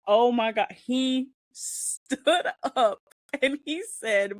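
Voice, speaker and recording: A woman hosting a casual chat show, telling an embarrassing story with animated, laughing delivery. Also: a little high, extremely slow, dry recording. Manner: animated, laughing, shrieking at punchlines. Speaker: host.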